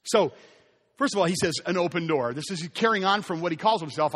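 A man's voice: sits high, expressive, fairly quick, fairly bright tone, in a large hall. A man preaching a sermon as pastor, conversational and emphatic, asking his listeners rhetorical questions.

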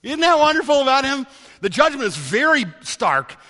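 A man delivers a sermon as pastor, his voice pitched high and ringing bright. He presses his points by repeating key words. A long reverb from the large hall trails each phrase. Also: very animated, moderate pace.

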